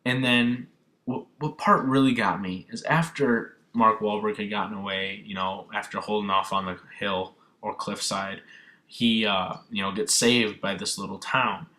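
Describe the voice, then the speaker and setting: An earnest young man talks through a film review, rambling and circling back with lots of "you know"s. His voice sits on the low side but comes out bright and forceful. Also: steady tone, a little slow. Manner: rambling, repeats himself, many fillers; earnest and moved. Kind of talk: casual emotional film review.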